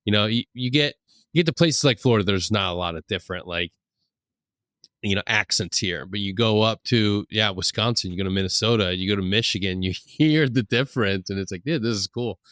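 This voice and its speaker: Low-voiced laid-back podcast host. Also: male voice, fairly quick, no room sound, clean studio sound. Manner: relaxed, enthusiastic, says dude and like a lot. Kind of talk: casual interview chat.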